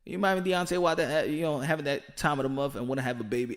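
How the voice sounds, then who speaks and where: Animated slangy man talking boxing. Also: fairly high pitch, rapid-fire, few pauses. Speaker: boxing commentary host. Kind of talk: casual opinion commentary.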